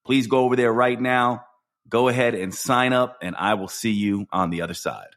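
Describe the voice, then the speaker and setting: A man's voice: medium pitch, moderate pace, a bit bright. A man, the podcast host, reading an upbeat promotion that speaks directly to listeners. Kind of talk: promotional read.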